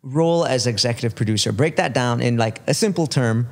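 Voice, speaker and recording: A man's voice: mid-range voice, fairly quick, darkish tone. A man hosting a podcast, leading a casual interview with short encouraging replies and questions. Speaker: podcast host.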